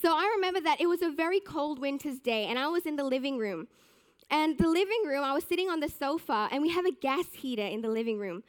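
A young woman giving a sermon, telling a personal story with animated, self-mocking humor. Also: high-pitched, fast talker. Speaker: church speaker.

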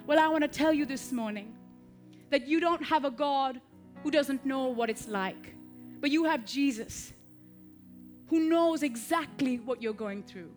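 A woman preaching a sermon in rhythmic repeated phrases, swelling to loud peaks and dropping to soft tones. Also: high voice, a little slow, soft background music.

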